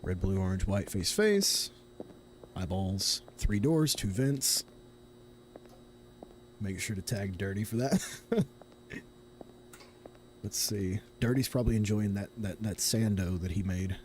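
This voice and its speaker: A man's voice: on the low side, expressive, slow pace, pauses often, darkish tone, slight background noise. A young man from Tennessee streaming a horror game, chatting casually and thinking aloud in a rambling, self-correcting way. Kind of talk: casual live gameplay commentary.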